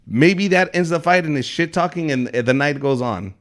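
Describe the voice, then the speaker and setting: A young man hosting a podcast, telling loud, animated stories and swearing a lot. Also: fairly high pitch, normal speed. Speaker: podcast host, comedian. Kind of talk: casual podcast chat.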